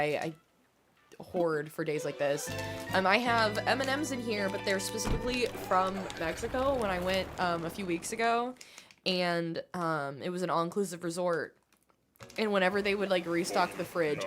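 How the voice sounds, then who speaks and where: A woman from the United States chatting casually while she livestreams a video game. She rambles, pokes fun at herself, and fills her sentences with "um" and "like". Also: on the low side. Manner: chatty, rambling, self-deprecating, many fillers. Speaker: gaming livestreamer. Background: game music.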